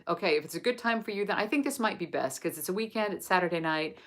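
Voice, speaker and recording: A woman from England reading a sacred text aloud and then chatting gently and effusively with viewers on a live stream. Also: fairly low pitch, fast talker, hardly any pauses. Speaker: host of a live book study.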